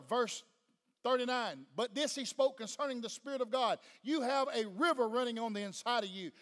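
Preaching fervently in a church sanctuary, this Tennessee pastor with a Southern US accent keeps pressing his congregation with questions. He speaks at normal speed in a very high-pitched voice, and long church-hall reverb fills the recording.

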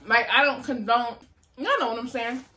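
Bright high-voiced young woman vlogger. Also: moderate pace. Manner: animated, acts out voices in her story. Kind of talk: casual storytime chat.

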